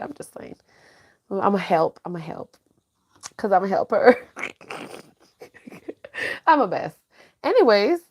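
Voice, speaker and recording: Laughing woman podcaster, casual chat. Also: medium pitch. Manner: laughs often, drops Spanish words. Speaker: podcast co-host. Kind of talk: casual chat reading live comments.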